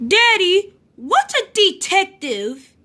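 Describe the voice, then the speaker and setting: Lady putting on a squeaky little girl bear cub, super high and bouncy, excited storybook kid. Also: slow pace, exaggerated voice.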